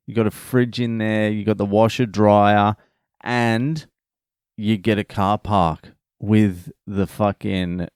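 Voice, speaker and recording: Slow, low-voiced man swearing through a story. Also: a little mellow, clear, resonant tone, no echo, clean studio sound. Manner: swears freely, retells conversations. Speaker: vlogger. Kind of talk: casual storytelling vlog.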